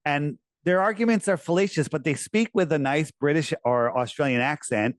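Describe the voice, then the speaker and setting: Animated, persuasive man talking close-mic. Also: a little high, moderate pace, no room sound. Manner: animated, persuasive, rambling with restarts. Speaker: interviewee, flat-earth promoter. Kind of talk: casual video interview.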